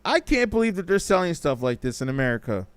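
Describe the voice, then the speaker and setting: Male stream host, higher-pitched and smooth, with a dry close sound. He is slangy and jokey, repeats himself and breaks into sudden animated bursts. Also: quick pace, dry recording. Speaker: talk show host reading live chat. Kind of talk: casual live-stream chat.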